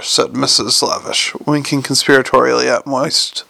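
A man narrating an audiobook in a measured, wry storytelling manner. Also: on the high side, creaky, sharp tone, no room sound. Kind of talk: scripted narration.

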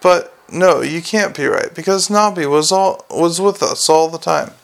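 A man's voice: a little high, measured pace, vocal fry. A man voicing an earnest, naive young male watchman who speaks eagerly.

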